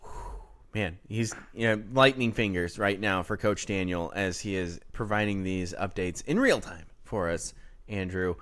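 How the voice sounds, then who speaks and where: A man's voice: sits low, moderate pace, fairly bright tone. A man co-hosting a casual local sports podcast, reading score updates from a live chat in a laid-back way. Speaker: podcast co-host.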